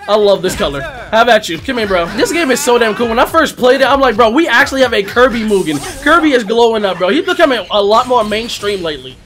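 A man giving excited, slang-heavy commentary on a fighting game as he plays, often shouting and laughing. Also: very high-pitched, quick pace, hardly any pauses. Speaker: gaming YouTuber. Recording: loud game music behind the voice.

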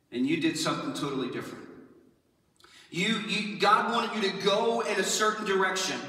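A high, bright male voice preaching in a relaxed, lively way, slipping into playful quoted voices as he goes. He sounds distant from the mic, and the church hall gives every phrase a long, ringing reverb. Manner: casual, animated preaching, acting out quoted lines. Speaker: pastor. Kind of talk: sermon. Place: church sanctuary. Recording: echoey church hall from far off.

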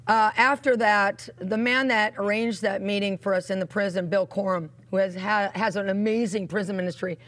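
A woman's voice: medium pitch, steady tone, moderate pace, hardly any pauses, fairly bright tone. Woman hosting a ministry program. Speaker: ministry host.

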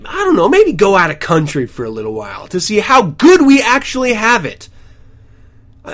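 A man's voice: high voice, a bit bright. A man hosting a podcast at home, reading news stories aloud and breaking off into sarcastic, ranting asides. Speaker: podcast host.

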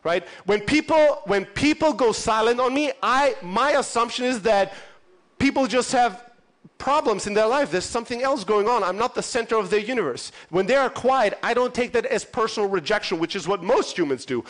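High-voiced, profane storytelling man. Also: lively intonation, normal speed, fairly bright tone. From Europe. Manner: profane, punchy, acts out dialogue. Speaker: conference speaker. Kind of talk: animated storytelling keynote. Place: conference stage.

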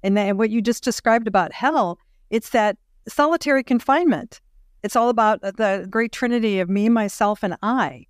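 A woman hosting a podcast interview, speaking in a reflective, measured way as she thinks aloud. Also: fairly high pitch, no room sound, studio quality. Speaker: podcast host.

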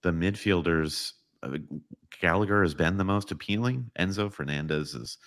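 Very deep-voiced laid-back man. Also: moderate pace, fairly bright tone. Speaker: podcast co-host. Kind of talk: casual chat.

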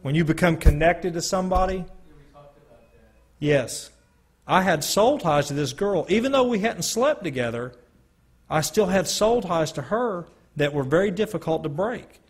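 Man, husky voice, fairly high pitch, spoken testimony, slow earnest storytelling, dramatic pauses. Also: expressive. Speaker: speaker giving a personal testimony. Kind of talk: spoken testimony to a live audience.

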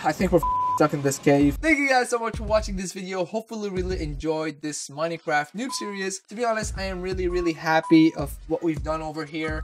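A gamer giving gameplay commentary, excitable, swearing often and repeating words in panicked bursts. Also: medium pitch. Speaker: gamer hosting a let's-play channel.

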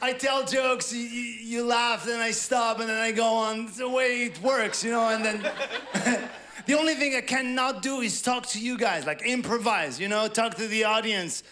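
A man from France with a French accent, performing a stand-up comedy set with a halting, self-deprecating delivery and playful acted quotes. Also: extremely high pitch, slight background noise. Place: large theatre before a live audience. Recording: stage mic over loud audience laughter.

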